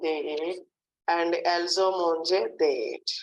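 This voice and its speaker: A woman teaching French in a lesson, drilling phrases slowly and often checking in with "hmm, d'accord". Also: lowish voice, steady tone, rough recording. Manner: slow, repetitive drilling with frequent "hmm, d'accord". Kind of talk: online language lesson.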